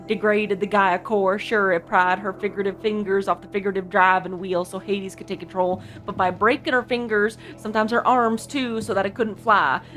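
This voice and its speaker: A woman's voice: mid-range voice, fairly bright tone, natural voice. A woman reading a drowsy male engineer's audio log in a folksy drawl. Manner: folksy drawl, slangy grammar.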